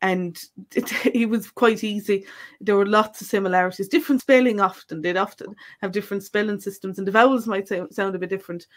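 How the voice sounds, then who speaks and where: A woman's voice: medium pitch, fairly even intonation, fairly quick. A woman with an Irish accent, co-hosting a live language Q&A in a chatty, easygoing way with frequent fillers. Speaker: Irish language teacher, co-host. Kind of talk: casual live-stream chat.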